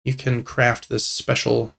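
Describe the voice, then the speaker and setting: Gravelly young man chatting about games. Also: mid-range voice, unhurried. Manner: relaxed, rambling, enthusiastic about games. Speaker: podcast co-host. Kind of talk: casual gaming podcast chat.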